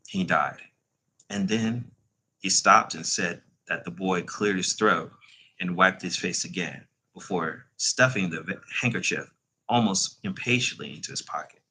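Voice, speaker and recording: A man's voice: deep voice, unhurried, bright, forceful tone, a little hiss or hum, low-quality recording. A man hosting a casual storytime, reading a novel aloud with slips, self-corrections and chatty asides. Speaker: channel host reading aloud.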